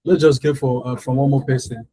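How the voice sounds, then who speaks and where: A man's voice: medium pitch, steady tone, fairly quick, dark tone, a little hiss or hum, rough recording. A male English tutor teaching an online class over a video call. He is patient and repeats each rule for his students.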